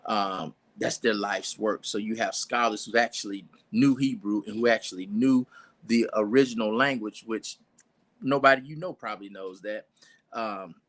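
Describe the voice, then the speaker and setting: A man's voice: fairly low pitch, fairly bright tone. A man preaching an informal sermon in a church, talking conversationally with asides and restarts.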